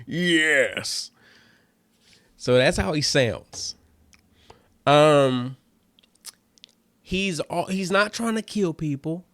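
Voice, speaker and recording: A man's voice: medium pitch, dry recording. A comedian hosting his own show, chatting casually and loosely to listeners with lots of fillers and calling them family. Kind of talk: casual solo chat to listeners.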